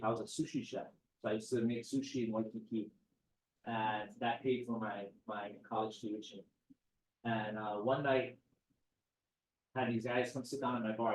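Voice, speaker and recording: A middle-aged man from Hawaii, guest speaker telling a relaxed story with lively quoted dialogue. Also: mid-range voice, distant mic. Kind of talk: casual storytelling talk. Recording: roomy sound, speaker off-mic.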